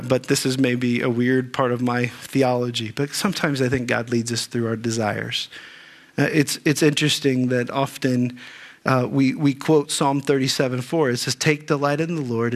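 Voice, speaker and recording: A man preaching a sermon as pastor, earnest, often repeating words and asking the congregation questions. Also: medium pitch. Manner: earnest, repeats words when fired up, asks the crowd questions.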